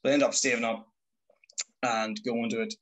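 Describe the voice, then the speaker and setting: A man's voice: mid-range voice, steady tone, moderate pace, fairly bright tone, low-quality recording. A young man, telling stories about his life in a chatty, self-mocking way. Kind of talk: casual storytelling.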